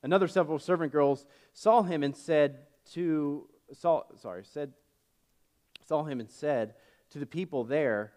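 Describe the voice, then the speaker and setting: A man's voice: on the high side, a little slow, darkish tone. A man preaching a sermon as pastor, retelling a story casually with fillers and self-corrections. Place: church.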